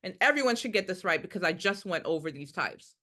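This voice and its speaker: A woman's voice: fairly low pitch, expressive, fast talker, sharp tone. A woman who is a nursing instructor leading a live quiz review, emphatic and repeating her key points with rhetorical questions.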